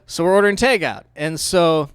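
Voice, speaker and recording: A man pastor preaching a sermon in a conversational, storytelling way, swinging between hushed asides and loud outbursts. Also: on the high side, expressive, moderate pace, smooth, no echo, clean studio sound.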